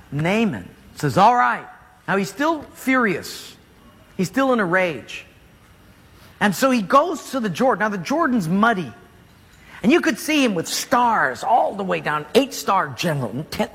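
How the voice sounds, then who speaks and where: A man preaches with a bright, high voice that leaps around in pitch, joking and acting out scenes as he goes. His voice rings through a large hall with a long reverb. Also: a little slow, breathy edge. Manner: animated, jokey, acts out scenes. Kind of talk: sermon storytelling.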